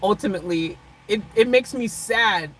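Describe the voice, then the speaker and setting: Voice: medium pitch, normal speed, slight background noise, rough recording. Chuckling livestream host in a vehicle. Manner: chuckles often, playfully dramatic, jumps between loud teasing and soft sincere talk. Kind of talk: casual livestream chat with viewers.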